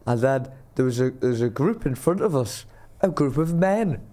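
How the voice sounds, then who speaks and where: A man's voice: medium pitch, animated, normal speed, mellow. A young man, rambling through a self-mocking story as a podcast co-host. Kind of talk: casual storytelling chat.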